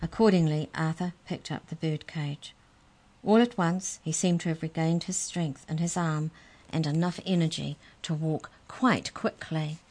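A woman reading a children's story aloud in a clear, gentle storytelling manner. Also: deep voice.

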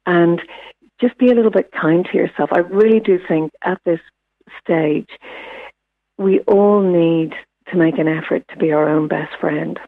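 NZ woman guest, gravelly voice, tinny phone line, thoughtful advice. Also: fairly low pitch, a little slow. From New Zealand. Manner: gentle, reflective, many fillers and restarts. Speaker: wellbeing expert guest. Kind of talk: radio interview, casual advice.

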